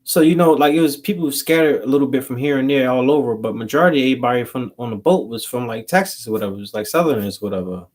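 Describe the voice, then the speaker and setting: A man's voice: mid-range voice, very fast, few pauses, a little mellow. A man, rambling through a story to his channel in loose, slangy talk. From Philadelphia. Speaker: vlogger. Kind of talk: casual storytelling to camera.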